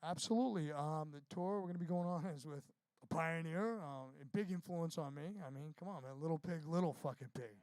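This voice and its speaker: A man's voice: on the high side, a little fast, darkish tone, clean tone, no echo. A man, a band frontman, talking casually and profanely in an interview, rambling through stories. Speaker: touring band frontman, guest.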